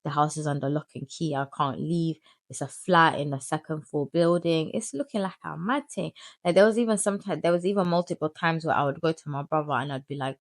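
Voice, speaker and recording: A young woman telling her life story in a candid, animated vlog, full of slang and crude asides. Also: deep voice, a little fast, dry recording, clean studio sound. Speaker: vlogger.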